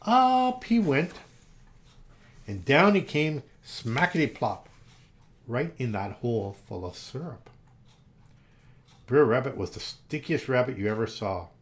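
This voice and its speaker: Animated man reading a children's story. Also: mid-range voice, unhurried. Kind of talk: children's story read-aloud.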